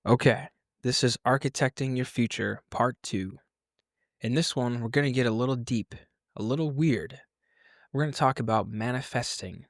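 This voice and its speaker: A man's voice: mid-range voice, normal speed, no echo, studio quality. A man hosting a podcast, introducing the episode in a playful, conversational way. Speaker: podcast host.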